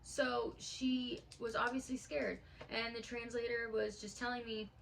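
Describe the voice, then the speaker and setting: A woman's voice: on the high side, flat delivery, measured pace, gravelly, fairly bright tone, slight background noise, poor audio. A woman in her late twenties telling a personal story in a casual vlog, earnest and heartfelt, with lots of fillers. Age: late 20s. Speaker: vlogger.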